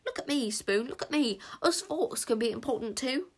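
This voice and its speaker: A woman's voice: fairly high pitch, expressive, moderate pace, voice pushed up. A boastful fork, as a woman reading aloud puts it on, gloating in a lifted, sing-song voice. It sounds thoroughly pleased with itself. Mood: smug. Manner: smug, gloating. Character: smug upside-down fork, boastful.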